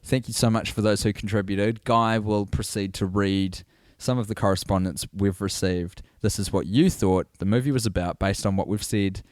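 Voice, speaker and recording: Goofy rambling podcast guy, lower voice, dry close sound. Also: steady tone, moderate pace, few pauses, a little mellow, no echo. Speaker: podcast co-host. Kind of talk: casual chat.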